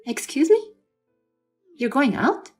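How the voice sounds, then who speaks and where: A woman voicing an exasperated young wife with an injured arm, in a scripted story reading with a plain, even delivery. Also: mid-range voice, normal speed, faint music behind, natural voice.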